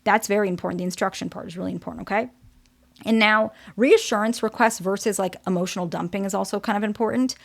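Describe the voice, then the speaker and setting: A woman's voice: mid-range voice, fast, creaky. Direct woman therapist teaching casually. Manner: direct, checks in with frequent "okay?".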